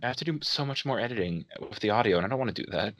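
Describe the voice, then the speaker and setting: A young man hosting a casual podcast, his voice bright and forward. He rambles through a story and acts out the voices of the people in it. The sound is close and dry, with no room around it. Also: fairly low pitch, expressive, very fast, dry recording, highs cut off. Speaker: podcast host.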